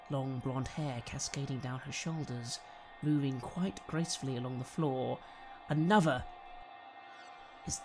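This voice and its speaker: Slow, dramatic male game master. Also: medium pitch. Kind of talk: narrating a tabletop horror game.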